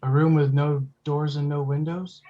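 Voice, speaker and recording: Excitable man playing a tabletop game. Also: on the high side, normal speed, highs cut off, a little hiss or hum. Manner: excitable, swears. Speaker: player. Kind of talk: casual tabletop play.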